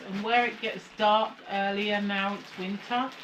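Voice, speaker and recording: Woman vlogger from the UK, tired with a slight cold, slow unhurried talk, echoey room. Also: medium pitch, little pitch movement, music in the background. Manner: chatty, tired, rambling. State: slight cold, sucking a lozenge. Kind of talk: casual chat.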